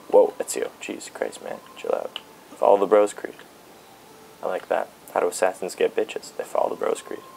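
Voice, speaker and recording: A man's voice: low voice, creaky, a little mellow, slight background noise, poor audio. A man giving casual, joking commentary as he plays a video game. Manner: joking, riffs and sings along. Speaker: let's play gamer.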